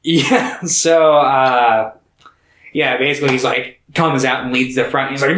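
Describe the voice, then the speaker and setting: A man's voice: mid-range voice, lively intonation, normal speed, fairly bright tone, roomy sound, poor audio. A man co-hosting a podcast, casually recapping a film with loose, profane, filler-heavy talk. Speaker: podcast co-host. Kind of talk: casual movie chat.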